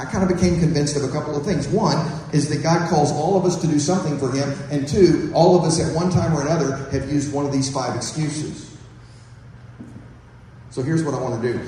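A man's voice: a little high, a little fast, mellow, a little hiss or hum. A man preaching a conversational sermon and reading from scripture. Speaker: pastor. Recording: echoey hall, distant mic, faint ambience.

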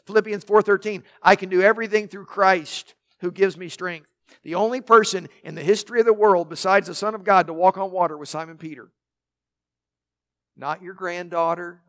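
A man with a high voice preaching to a congregation. He tells the story conversationally, with asides and light jokes. He restarts sentences by repeating a word. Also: fairly bright tone. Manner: repeats words when starting sentences. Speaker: pastor. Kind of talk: sermon. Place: in front of a congregation.

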